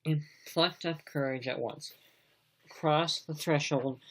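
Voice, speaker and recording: A man reads a novel aloud for a home-made audiobook. His voice sits at an ordinary middle pitch, and the delivery is plain, now and then stumbling over a word. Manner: plain, occasionally stumbling reading. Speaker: amateur audiobook reader.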